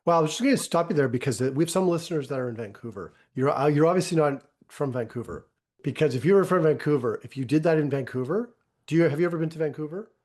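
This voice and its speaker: A man's voice: fairly high pitch, expressive, fast, a little mellow. A man from the Canadian prairies hosting a podcast, chatty and joking as he interrupts with asides. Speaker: podcast host.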